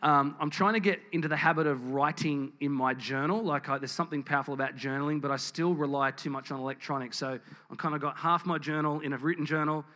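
A man's voice: fairly high pitch, fairly even intonation, quick pace, pushed and bright. A man preaching a sermon in church, candid and storytelling, with frequent ums and restarts. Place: church building with congregation.

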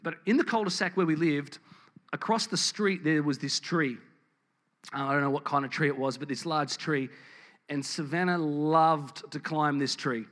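A man's voice: a little high, moderate pace, fairly bright tone. A man preaching a sermon in church, candid and storytelling, with frequent ums and restarts. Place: church building with congregation.

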